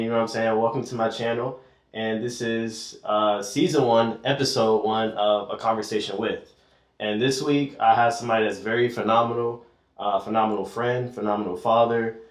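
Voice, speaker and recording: A man hosting his interview show, laid-back and friendly, with a lot of casual slang. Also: mid-range voice. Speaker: podcast host. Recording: echoey room.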